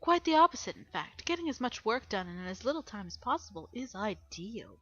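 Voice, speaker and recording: A woman's voice: medium pitch, big pitch swings, brisk, a bit bright, slightly rough, highs cut off. A woman voicing an arrogant male workaholic official who speaks in a condescending, lecturing way. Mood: scornful.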